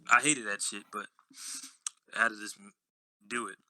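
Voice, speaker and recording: A man's voice: lowish voice, steady tone, normal speed, sharp tone, no room sound, rough recording. A young man telling stories in a casual podcast chat, blunt and slangy. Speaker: podcast host.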